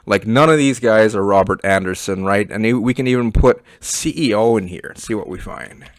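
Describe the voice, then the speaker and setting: A Canadian online business reviewer gives a casual, blunt screen-share review in a lowish voice at normal speed, with no room sound. He is chatty and often tags on "okay" and "right?".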